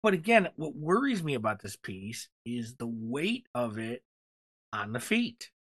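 A man's voice: mid-range voice, big pitch swings, measured pace, fairly bright tone. A man co-hosting a casual podcast chat, rambling enthusiastically with lots of fillers. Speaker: podcast co-host.

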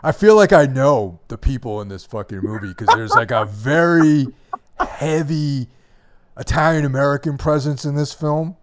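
A man's voice: mid-range voice, normal speed. A man co-hosting a podcast in casual chat, who often restarts his phrases. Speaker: podcast co-host.

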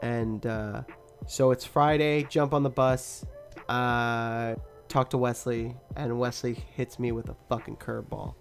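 A young adult woman with a bass voice hosts a podcast at a slightly slow pace, soft music behind her. Her casual storytelling is animated, thick with swearing and frequent laughs.

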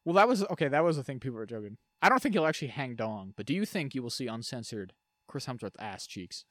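A man co-hosting a podcast in casual chat, animated and jokey, often trailing off into mutters. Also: mid-range voice, fast talker, dry recording. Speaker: podcast co-host.

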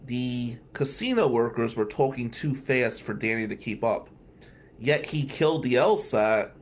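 Man, mid-range voice, sardonic storyteller, rambling delivery with wry asides, faint noise underneath. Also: mid-range voice. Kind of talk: casual personal storytelling.

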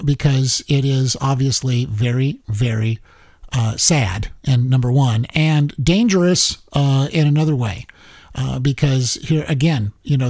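Male talk host, higher voice, dry close sound, animated political commentary. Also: no room sound. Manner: animated, repeats words and restarts.

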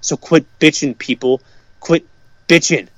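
Guy ranting about hockey fans, swearing nonstop, kinda high voice, dry close mic. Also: steady tone, unhurried, fairly bright tone, no echo. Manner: heated, profane ranting. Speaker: podcast co-host. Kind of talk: profane sports rant.

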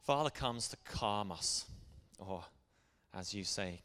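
A man's voice: on the low side, animated, moderate pace, a bit bright, smooth. A middle-aged man preaching a sermon as pastor, speaking in an earnest, conversational way. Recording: long hall reverb.

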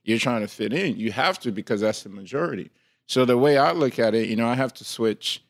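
A man with a Liberian accent, co-hosting a casual panel discussion, relaxed and quick to laugh. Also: medium pitch, no room sound, clean studio sound. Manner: relaxed, laughs often, slips into other ways of talking. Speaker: podcast co-host.

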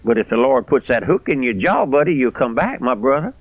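An older man preaching a radio sermon as pastor, fiery and rising to shouts on key phrases. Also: medium pitch, lively intonation, fairly quick, no room sound. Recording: dry, dull radio broadcast sound.

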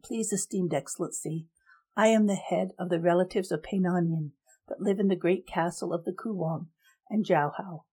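A woman's voice: fairly low pitch, normal speed, mellow, husky, low-quality recording. A woman voicing a humble, anxious mother pleading before a ruler in a storybook reading.

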